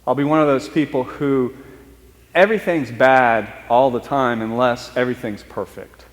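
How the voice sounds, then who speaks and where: A man preaching a storytelling sermon, talking in a conversational, halting way and slowing down for emphasis. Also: mid-range voice, long reverb tail. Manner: conversational, halting restarts, speeds up and slows for emphasis. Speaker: priest. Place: church.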